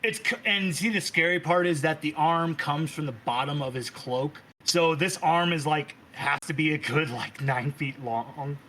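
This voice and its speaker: Animated man running a tabletop game. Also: a little high, moderate pace, hardly any pauses, slight background noise, low-quality recording. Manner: animated, laughing, loose. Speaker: game master.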